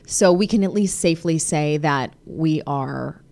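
A woman in her thirties hosting a podcast, chatting casually with her husband, animated with frequent laughs and fillers. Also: low-pitched, a little slow, gravelly. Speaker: podcast host.

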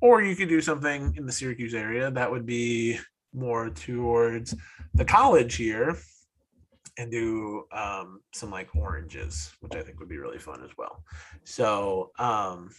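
Male podcast co-host from upstate New York, average pitch, loose rambling delivery. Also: expressive, unhurried, fairly bright tone, rough recording. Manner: rambling, full of "like" and restarts. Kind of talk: casual chat.

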